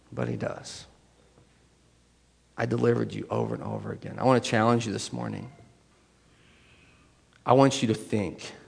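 A man preaches a sermon from the pulpit, his voice gravelly at a middle pitch. He swings from loud, emphatic stretches down to quiet, hushed lines and acts out inner voices as he goes. The sound carries a long reverb from a large church hall. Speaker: pastor.

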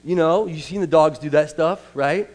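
A man's voice: on the high side, moderate pace. A man gives a sermon in a slightly raised voice. He tells homely stories with casual asides, and his words ring out with the long reverb of a large hall. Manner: conversational storytelling with asides. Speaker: pastor.

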